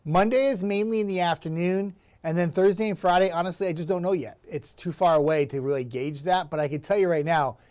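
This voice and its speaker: A male weather forecaster talks in a relaxed, chatty way, bright and upbeat, laughing easily as he answers viewers. His voice sits a little higher than most men's. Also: brisk, few pauses. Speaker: TV meteorologist. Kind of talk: casual livestream chat reading viewer comments.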